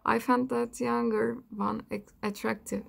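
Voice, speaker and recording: A woman's voice: on the high side, level tone, a little slow, vocal fry, breathy edge, heavily acted. A woman voicing a vain, wheedling young prince in a comic storybook.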